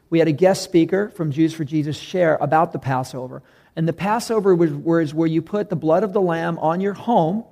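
A man preaching a sermon, reading scripture and retelling it with animated bursts of loud emphasis. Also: fairly high pitch. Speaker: pastor.

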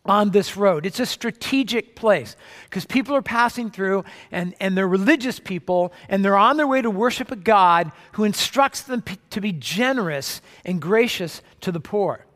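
High-voiced pastor preaching in a hall. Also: male voice, animated, moderate pace, fairly bright tone. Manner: conversational preaching with frequent restarts. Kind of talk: sermon. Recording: long hall reverb.

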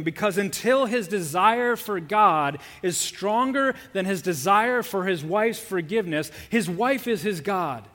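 High-pitched guy preaching, earnest, repeats stuff for emphasis, long church echo. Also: animated, unhurried, few pauses, fairly bright tone. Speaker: pastor. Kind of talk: sermon.

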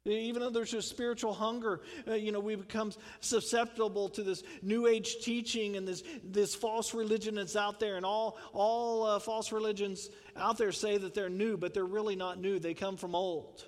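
Male pastor, conversational sermon, fairly high voice, long reverb of a big hall. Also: little pitch movement, moderate pace, hardly any pauses. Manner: conversational, asks the congregation questions, chuckles.

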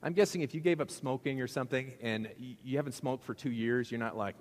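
A man's voice: medium pitch, fast, long reverb tail. A male pastor giving a sermon in a conversational, joking way, asking the congregation questions.

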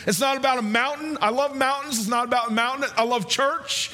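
A man preaching a sermon as pastor, conversational, repeating phrases and slowing down to stress key lines. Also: very high voice, animated, bright, forceful tone.

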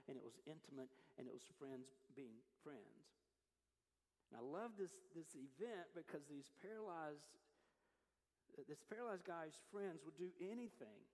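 A man with a fairly high voice preaches a sermon, retelling a scripture story with lively energy and popping in and out of character voices. His voice rings with a long reverb, as in a church sanctuary. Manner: animated storytelling, acting out voices. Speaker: pastor.

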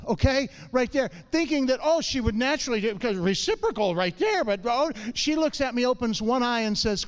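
A man with a strikingly high, smooth and clear voice tells a comic testimony to a church congregation. He is a lively storyteller who keeps pulling the crowd in with calls for a response. He sounds middle-aged. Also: fairly quick, few pauses. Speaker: church speaker.

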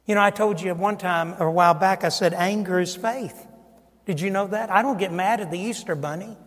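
An older man, a pastor, preaching a sermon, swinging from booming emphasis down to hushed, near-whispered asides. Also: a little fast, long reverb tail. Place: church sanctuary.

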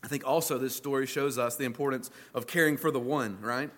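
A man's voice: mid-range voice, steady tone, fairly quick, fairly bright tone. A man preaching a sermon to his church, earnest and emphatic, repeating phrases for weight and restarting mid-thought. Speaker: pastor.

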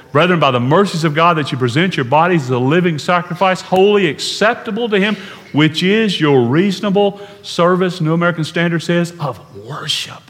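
Earnest preacher in a reverberant hall. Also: male voice, a little high. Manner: earnest preaching, slows to stress words, drops to a hush. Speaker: pastor. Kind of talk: sermon.

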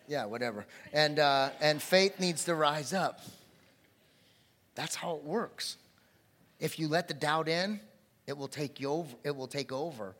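A man preaches a sermon in a church hall, and his voice sits a little higher than most men's. He breaks into loud, animated bursts now and then, and a long reverb trails off every phrase. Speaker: pastor. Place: church sanctuary.

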